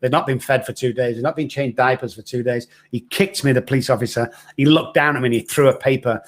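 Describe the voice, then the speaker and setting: A man's voice: medium pitch, steady tone, fast talker. A middle-aged man, frankly telling his own hard story as a podcast guest. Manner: earnest, raw, frank. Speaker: recovery expert guest. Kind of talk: candid personal storytelling.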